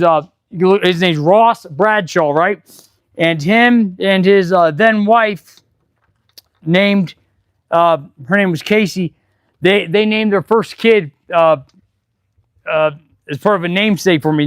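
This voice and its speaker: A middle-aged man, an auto mechanic hosting a casual live stream from his garage, chatting and rambling excitably as he works. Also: sits high, takes it slowly, clean tone, no echo, clean studio sound. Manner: chatty, excitable and rambling, with sudden loud outbursts. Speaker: auto mechanic and channel host. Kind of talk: casual live-stream chat while working.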